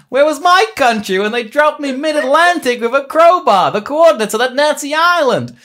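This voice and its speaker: A man's voice: fairly high pitch, a bit bright, voice pushed up, close to an everyday voice. A man putting on Shamrock, a bitter drunk old pilot. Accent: American, put on. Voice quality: gruff, cursing, ranting. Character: bitter drunk retired male test pilot, veteran.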